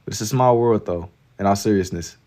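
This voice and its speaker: A man's voice: fairly low pitch, fairly quick, mellow. A young man from Kentucky chatting casually on a livestream while he draws, laid-back and slangy as he reads chat aloud. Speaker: livestreaming artist.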